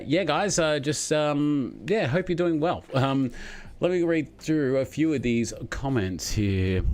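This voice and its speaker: A man's voice: mid-range voice, a little mellow. A man in his thirties with an Australian accent, rambling and chatting casually as a live-stream host from a spare room at home. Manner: rambling, chatty, laughs often. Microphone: desk microphone.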